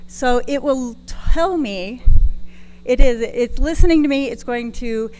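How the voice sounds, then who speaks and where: A woman's voice: high-pitched, measured pace, darkish tone, poor audio. A woman from Texas presenting a conference session, talking in a chatty, self-deprecating way with some restarts. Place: conference room.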